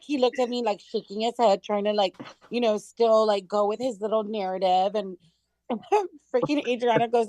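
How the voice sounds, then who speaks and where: A woman's voice: fairly high pitch, normal speed, dark tone, no room sound, low-quality recording. A woman guest in casual chat, brash, swearing and laughing as she talks.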